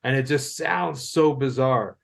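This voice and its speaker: A man's voice: mid-range voice, a little slow, gravelly. A man from Ontario telling a rambling story in casual podcast chat, filling every phrase with "like" and swearing freely. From Ontario, Canada. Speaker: podcast co-host.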